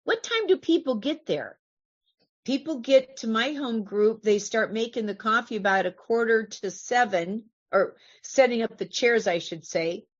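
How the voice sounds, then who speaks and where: A woman's voice: fairly high pitch, expressive, unhurried, muffled recording. A woman from California giving an earnest, conversational talk to a recovery meeting, asking her listeners questions as she goes.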